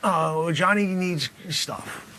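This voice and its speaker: A man's voice: on the high side, very slow, pushed and bright, slight background noise, full character voice. A man voicing a tough, middle-aged male drug dealer in an improvised comedy sketch, cocky and muttering threats. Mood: boastful. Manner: cocky, menacing, drops to mutters.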